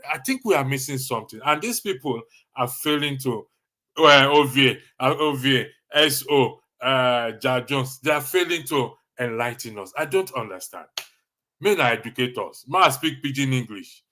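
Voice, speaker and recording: A man's voice: mid-range voice, moderate pace, pushed and bright. A Nigerian man hosting a casual live stream, reading viewer comments with a jokey, teasing manner and frequent laughter.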